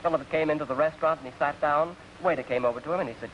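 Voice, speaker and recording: A man's voice: on the high side, very fast, fairly bright tone. A young man with an English accent, a polite, chatty guest telling jokes in scripted radio comedy banter. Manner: polite, chatty, self-deprecating storyteller. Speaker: guest performer. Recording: dull old radio broadcast with hiss.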